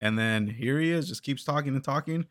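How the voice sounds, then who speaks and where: A man's voice: mid-range voice, a little fast, fairly bright tone, dry recording, clean studio sound. A man telling a story in casual podcast chat, swearing a lot, stammering on repeated words and laughing. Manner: profane, laughing, many restarts and stammers.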